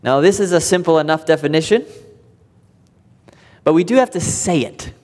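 A man preaching a sermon to his church, emphatic and deliberate, repeating key words for weight. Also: fairly high pitch, darkish tone, in a large hall. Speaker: pastor. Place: church sanctuary.

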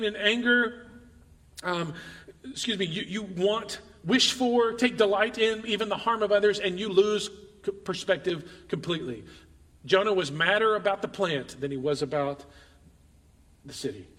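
Man, preacher, sermon, high voice, animated scripture reading, long hall reverb. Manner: animated, reads scripture aloud with emphatic voiced quotes.

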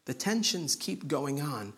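A man preaching an expository sermon in an earnest, conversational way, dropping to quiet emphasis on key points. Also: fairly high pitch, big pitch swings, unhurried, breathy edge. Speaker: pastor.

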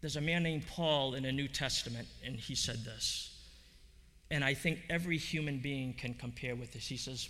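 Man, preacher, conversational sermon, bright tone, long reverb of a hall. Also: mid-range voice, moderate pace. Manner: conversational, many fillers, rising to emphatic. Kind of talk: sermon with storytelling.

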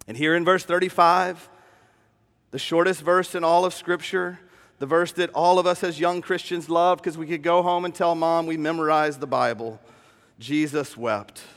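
A middle-aged man, a pastor, preaching a sermon in a church. He moves between hushed, slow tenderness and animated storytelling. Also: on the high side. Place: church sanctuary. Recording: long hall reverb.

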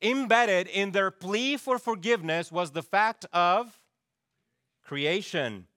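A man's voice: sits high, slow pace, pushed and bright, no echo, studio quality. A middle-aged man preaching a sermon, emphatic and asking his congregation questions as he goes. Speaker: pastor.

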